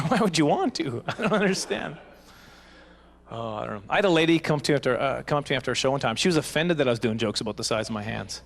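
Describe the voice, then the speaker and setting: A man's voice: mid-range voice, lively intonation, fast talker, vocal fry. A man doing self-deprecating, rambling stand-up comedy at a live banquet.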